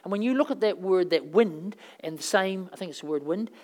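A woman preacher telling stories through her sermon in a loose, rambling way. She talks casually, with plenty of fillers. Her voice swings from loud bursts down to quiet asides. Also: on the low side, brisk. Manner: conversational, rambling storytelling with fillers; animated, swings between loud and soft.

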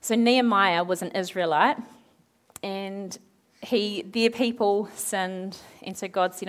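A woman preaching a sermon, retelling a Bible story in a lively way, acting out the characters' lines and asking her listeners questions. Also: mid-range voice, slow. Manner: animated, acts out quoted characters, asks the audience questions.

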